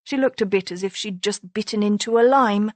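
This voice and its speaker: Woman narrator, steady mid voice, slow and measured, dry close read. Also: mid-range voice, no room sound. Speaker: audiobook narrator. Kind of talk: scripted narration.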